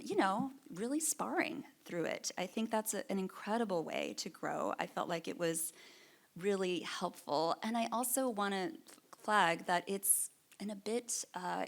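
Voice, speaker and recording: A woman's voice: lowish voice, gravelly. A middle-aged woman curator giving a reflective conference keynote, earnest and thoughtful, with frequent ums and small restarts. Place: lecture stage at an art fair.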